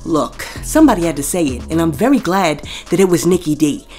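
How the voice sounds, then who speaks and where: Over soft background music, a woman hosting a celebrity gossip show talks in a low-pitched, dark, expressive voice at a fairly quick pace. Her scripted commentary is chatty and aimed straight at viewers, and she reads posts aloud, spelling out the censored swear words.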